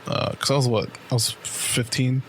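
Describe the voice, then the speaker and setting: A podcast co-host in his late twenties tells a long, casual story packed with profanity and fillers like "like" and "right?". His medium-pitched voice has a flat delivery at a normal speed. Some background noise is audible.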